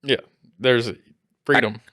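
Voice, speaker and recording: A man's voice: medium pitch, steady tone, slow, bright, forceful tone, no echo. A man co-hosting a podcast with a dry, laid-back, teasing manner. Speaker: podcast co-host. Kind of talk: casual podcast chat.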